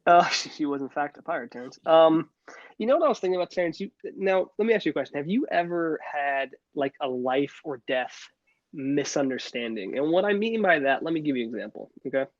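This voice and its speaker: A young man talks in quick bursts as a podcast co-host, tripping over restarts and fillers. His voice sits a little high, and the audio is dull and dry, like a lo-fi recording. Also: animated, dry recording. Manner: rambling, many restarts and fillers. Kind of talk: casual chat.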